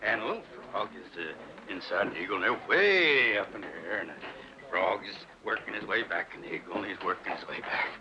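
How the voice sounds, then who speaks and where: Brash, crude frontier businessman: sarcastic drawl, swooping low voice, dull hissy old film track. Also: animated, a little fast, a crowd in the background. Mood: sly. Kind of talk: 1970s film western acting. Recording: muffled old film soundtrack with hiss.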